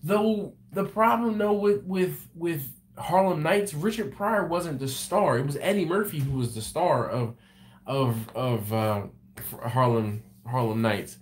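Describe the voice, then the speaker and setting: Casual livestream host chatting with viewers. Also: male voice, fairly high pitch, measured pace. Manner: laughing, animated storytelling. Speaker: BBQ channel host on a livestream. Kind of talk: casual chat reading viewer comments.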